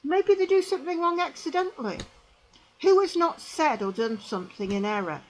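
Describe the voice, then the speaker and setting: Woman, religious commentary, high voice, very animated, emphatic, lots of tag questions. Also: moderate pace, rough recording. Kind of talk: religious commentary monologue to camera.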